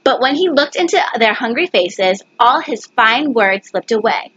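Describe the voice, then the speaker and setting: A woman's voice: fairly high pitch, lively intonation, normal speed, a bit bright, lo-fi sound, a little hiss or hum. A woman reading a picture book aloud, stumbling over words and correcting herself. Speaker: reader. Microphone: webcam.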